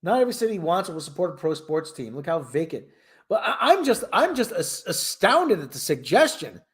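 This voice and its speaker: Host: a man from Connecticut, incredulous rambling rant, pitch swinging up and down. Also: very animated, brisk, husky. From Connecticut, Hartford area. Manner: exasperated, incredulous, many restarts. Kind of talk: casual rambling sports commentary.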